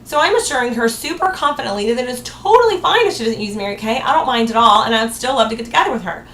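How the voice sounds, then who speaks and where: A woman with a fairly high voice gives a sales training talk in an upbeat tone. She acts out cheerful sample replies to customers. The room is echoey, with a faint hiss behind her. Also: animated, fast talker, fairly bright tone.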